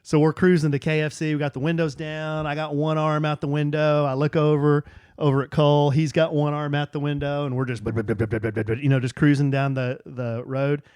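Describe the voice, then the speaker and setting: A man's voice: on the high side, flat delivery, normal speed, clear, resonant tone, no room sound. Rambling storytelling man, dry close sound. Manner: rambling, warm anecdotes with repeated restarts. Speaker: podcast co-host. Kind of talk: casual chat, storytelling.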